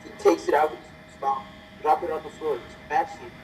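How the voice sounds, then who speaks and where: A speaker casually improvising a fan story with a friend, animated and often checking in with "right?". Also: a little fast, a little hiss or hum, low-quality recording. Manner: animated, pitch jumping high when voicing characters, frequent "right?".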